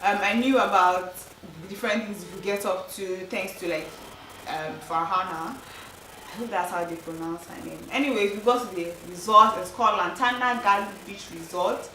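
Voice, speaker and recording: A woman's voice: mid-range voice, normal speed, sharp tone, slight background noise. A young woman vlogging her trip in a chatty, casual way, full of "like" and "um" fillers. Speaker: travel vlogger. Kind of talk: casual chat to camera. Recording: roomy, distant mic with faint ambience.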